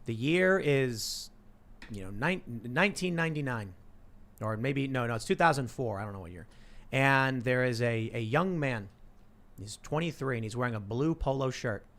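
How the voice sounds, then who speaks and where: Bright-voiced man hosting a talk show. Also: mid-range voice, moderate pace. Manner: animated, repeats words when cutting in. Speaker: podcast host. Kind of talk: casual chat and comic storytelling.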